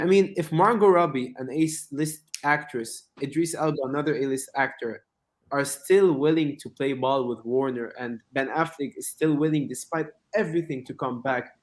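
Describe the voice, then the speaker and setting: A man co-hosting a casual podcast chat who pushes his argument with real energy and acts out lines from the movies he brings up. His voice sits a little high for a man. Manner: animated, acts out quotes while arguing. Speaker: podcast co-host.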